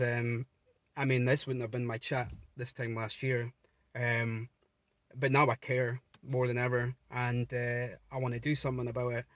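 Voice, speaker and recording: A man talks to camera from inside his car about a support page he runs. He speaks in an earnest, wandering way, full of ums and restarts, at an ordinary middle pitch. The sound is dry and close, with no room echo. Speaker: vlogger running a gambling support page. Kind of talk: casual talk to camera.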